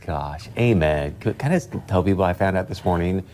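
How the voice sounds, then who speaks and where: A man with a very low voice, bantering as a TV news co-anchor in a studio. He teases, tells little anecdotes and keeps the tone light and joking. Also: lively intonation, fairly quick, a little mellow, slight background noise. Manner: teasing, jokey, tells anecdotes. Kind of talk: casual on-air banter between news stories.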